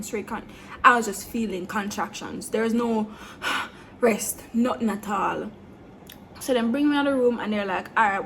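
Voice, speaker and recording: A young woman telling a storytime vlog, blunt and animated, slipping between patois and standard English. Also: medium pitch, slight background noise. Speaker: vlogger. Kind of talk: storytime monologue.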